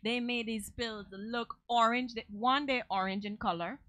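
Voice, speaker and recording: A woman's voice: fairly high pitch, steady tone, unhurried, a bit bright, no echo. A woman from Jamaica co-hosting a talk show, chatting casually and laughing often. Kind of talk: casual chat.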